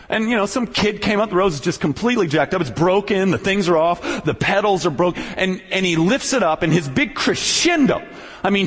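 A man preaching, telling a personal story with animated swings from quiet and low to loud, high outbursts, often stammering on restarts. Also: moderate pace, slightly rough, long reverb tail. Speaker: pastor. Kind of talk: sermon storytelling.

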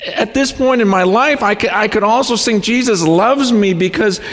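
A man's voice: high-pitched, moderate pace, fairly bright tone, big-room sound. A man in his forties giving a sermon as a guest speaker, earnest and emotional, often repeating words as he talks. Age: 40s.

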